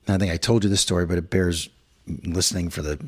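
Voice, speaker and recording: Rambling podcast man, deepish voice. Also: fairly even intonation, fast, slightly rough. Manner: rambling storyteller, acts out quoted voices. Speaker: podcast co-host. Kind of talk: casual chat.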